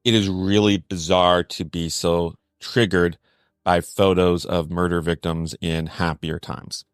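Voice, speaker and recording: Guy co-host, very deep voice, dry pointed comments, close dead sound. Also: flat delivery, unhurried, clear, resonant tone, no echo, soft background music. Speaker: podcast co-host. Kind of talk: scripted true-crime commentary.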